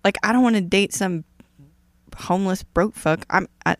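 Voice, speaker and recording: A woman co-hosting a podcast in casual chat, blunt and animated, swearing a lot. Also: medium pitch, moderate pace, no room sound. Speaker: podcast co-host.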